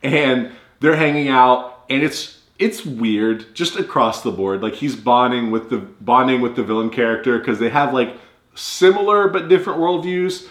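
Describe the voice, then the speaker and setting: A man's voice: medium pitch, normal speed, a bit bright. Rambling man in an echoey room. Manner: rambling, retelling scenes with acted-out quotes. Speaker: podcast co-host. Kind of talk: casual movie-review chat. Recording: roomy echo.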